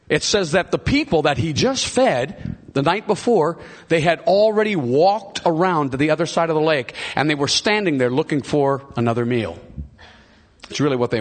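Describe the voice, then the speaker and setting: Delivering a sermon, a middle-aged man recounts a Bible story with enthusiasm, often restarting or repeating phrases as he calls out to his listeners. His pitch leans high and his pace is moderate.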